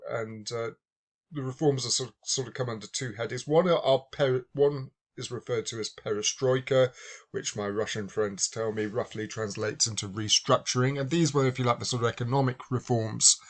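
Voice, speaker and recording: A man giving a university lecture, thinking aloud with many fillers and restarts. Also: medium pitch. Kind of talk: recorded lecture.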